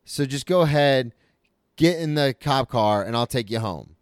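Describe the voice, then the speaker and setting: A man's voice: mid-range voice, animated, normal speed, clean tone, no room sound, studio quality, close to an everyday voice. A man voicing his old friend turned cop, who scolds him but lets it go easily. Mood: scolding.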